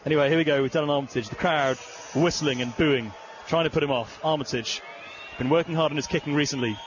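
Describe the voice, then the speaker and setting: A man giving play-by-play rugby commentary, calm in lulls and rising to excited shouting when the play breaks open. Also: on the high side, quick pace, dull audio. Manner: rises to excited shouting on big plays. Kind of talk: sports commentary. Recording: broadcast with stadium noise behind.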